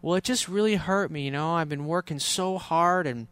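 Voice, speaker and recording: A man's voice: on the high side, normal speed, fairly bright tone, smooth, natural voice. A man voicing an upset, complaining adult girlfriend. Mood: hurt. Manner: whiny, complaining.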